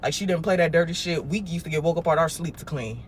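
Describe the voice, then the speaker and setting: A young woman hosting a casual livestream chat. She talks bluntly and swears freely, and her volume swings between loud and quiet. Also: deep voice, fast talker, husky. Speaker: livestream host.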